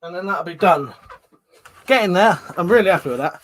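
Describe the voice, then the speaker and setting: A man's voice: sits high, lively intonation, a little fast, slight background noise. Chatty man greeting stream viewers. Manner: chatty, greets viewers by name, loud greetings then mumbled asides. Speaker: live stream host. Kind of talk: casual live stream chat.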